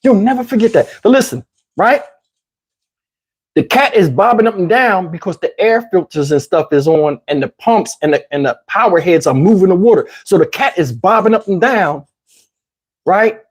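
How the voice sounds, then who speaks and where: Man, husky voice, casual profane storytelling, slangy, lively retelling. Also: high voice, normal speed. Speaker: channel host telling a story.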